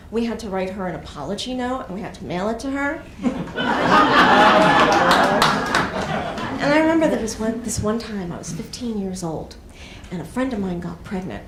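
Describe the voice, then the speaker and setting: Woman comic rambling through a story on stage, kinda high voice, echoey club sound. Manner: chatty storytelling with frequent fillers. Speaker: stand-up comedian. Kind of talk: stand-up comedy set. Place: comedy club stage with audience. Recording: echoey club room, faint noise.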